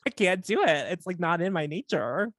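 A podcast co-host in casual chat, animated and giggly with quick banter. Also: medium pitch, dry recording, studio quality.

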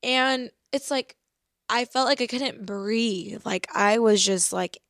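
Slow, earnest woman reading scripture. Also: fairly high pitch, a bit bright, no echo, studio quality. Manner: earnest, reflective, reads verses slowly. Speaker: faith podcast host. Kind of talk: personal faith talk with scripture reading.

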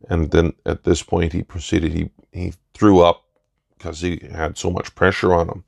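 A man giving an earnest opinion monologue in deliberate short phrases. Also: low voice, little pitch movement, creaky, a little mellow, dry recording, studio quality. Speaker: commentator.

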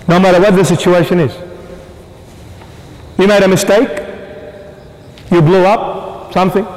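A bishop delivering an impassioned sermon in a church, emphatic and swinging between loud and hushed. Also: male voice, high voice. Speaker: bishop preaching. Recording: long hall reverb.

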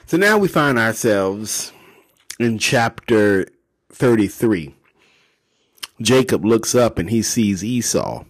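A man's voice: lowish voice, takes it slowly, pauses often. A man hosting a casual devotional podcast, retelling Bible stories with slang and humor. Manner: animated, slangy, laughs at his own jokes. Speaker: podcast host.

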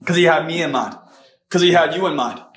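Male podcast preacher, fervent, rapid delivery, slightly high voice; very echoey room, mic far off. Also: fairly bright tone. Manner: fervent, fillers like "man", "right?", "come on". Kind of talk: casual spoken sermon.

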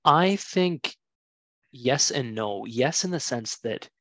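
A man hosting a casual movie watch-along chat, talkative and opinionated, with quick asides. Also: medium pitch, animated, fairly bright tone, dry recording. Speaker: podcast host.

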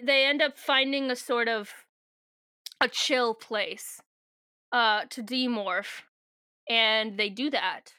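A young woman co-hosts a podcast in loose, rambling chat, cursing casually and breaking into laughter. Her voice is high and smooth, recorded close and dry. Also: sharp tone, dry recording. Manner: rambling, swears freely, laughs often. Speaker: podcast co-host recapping a book.

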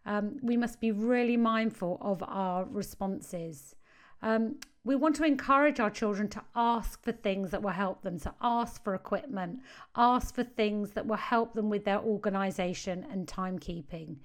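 A woman's voice: medium pitch, measured pace. A woman, a parenting coach giving earnest advice to parents and stressing key phrases.

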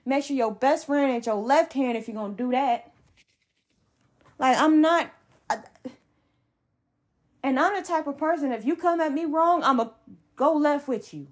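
A woman's voice: high-pitched, moderate pace, pauses often. A young adult woman hosting a solo sports podcast, ranting in a heated, emphatic way with blunt slang. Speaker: podcast host.

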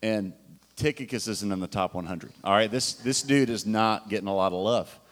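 A man's voice: fairly low pitch, normal speed. A man preaching a sermon in a casual, enthusiastic way, with fillers and restarts. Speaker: pastor.

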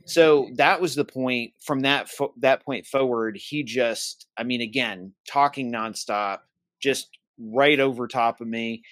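A man's voice: medium pitch, a little slow, no room sound. Man telling a story in a dry room. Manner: animated storyteller who acts out quoted dialogue. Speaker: co-host of a church safety podcast. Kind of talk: casual chat.

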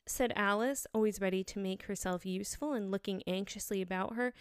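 A woman narrating a storybook aloud in a measured, expressive reading. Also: mid-range voice, smooth, dry recording, studio quality.

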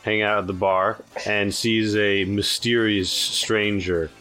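A man with a fairly low voice narrates as game master, talking casually and jokily, often stopping and restarting mid-sentence. Faint music runs underneath. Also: level tone, bright, forceful tone. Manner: casual, halting, jokey.

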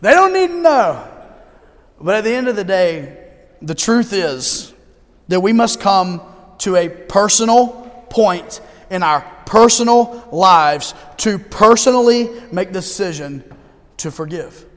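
A man preaching a sermon as pastor in a church, talking conversationally with humor and slowing down for emphasis. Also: high-pitched, big-room sound. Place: church sanctuary.

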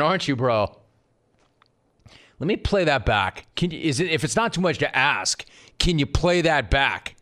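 Animated sports talk radio host. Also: male voice, on the high side. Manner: animated, mocking, rapid-fire banter.

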